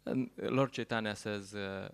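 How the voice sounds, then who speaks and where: A man giving a sermon at a temple program, telling stories in a halting way and laughing at his own jokes. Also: fairly low pitch, fairly even intonation, gravelly, clear, resonant tone.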